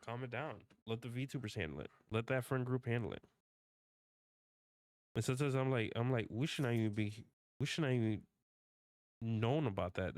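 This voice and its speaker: This is a male streamer with a medium-pitched voice, recorded at studio quality with no room sound. He rambles through a casual rant, repeating himself, swearing often, and restarting his sentences.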